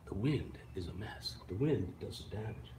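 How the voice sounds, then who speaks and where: Speaking at a normal speed with a fairly low pitch, this man runs a casual live stream, responding to viewer comments. The recording is reverberant with slight background noise, and he rambles through stories in an animated way, swearing and laughing along the way.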